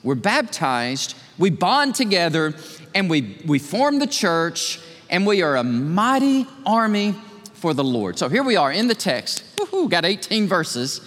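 A man preaching a sermon in a church, acting out voices with big swings of pitch. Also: sing-song, measured pace, a bit bright, in a large hall. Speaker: pastor. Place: church sanctuary.

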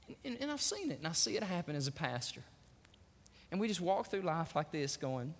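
A male pastor preaching a sermon, an animated storyteller who grows hushed in solemn moments. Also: fairly high pitch, measured pace, in a large hall.

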